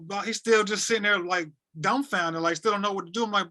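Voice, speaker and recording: A man in his thirties from North Carolina, a podcast guest telling a personal story in an animated way, often repeating words and acting out what others said. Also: sits high, moderate pace. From North Carolina, USA. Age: 30s. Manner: animated, repeats words, acts out quoted dialogue. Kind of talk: emotional storytelling.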